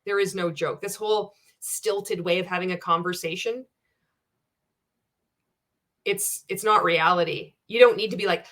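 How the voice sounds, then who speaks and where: A woman's voice: lowish voice, steady tone, normal speed, long pauses, fairly bright tone. A woman giving a sarcastic, profane reaction rant as a video commentator, blunt and scornful.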